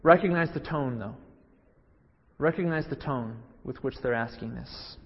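A man's voice: mid-range voice, moderate pace, breathy edge. A man preaching a sermon who repeats key phrases for emphasis and poses questions straight to his listeners. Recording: dull lo-fi with long hall reverb.

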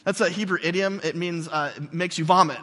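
Male pastor, lively and jokey sermon delivery with sarcastic asides, slightly high voice, long hall reverb. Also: brisk.

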